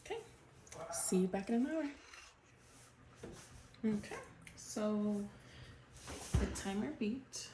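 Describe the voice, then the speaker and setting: A woman's voice: medium pitch, lively intonation, slow, long pauses, warm tone, slight background noise. A woman in her thirties, a home cooking vlogger, chatting casually to viewers while she demonstrates a recipe in her kitchen. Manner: chatty, laughs between remarks, talks to viewers as friends.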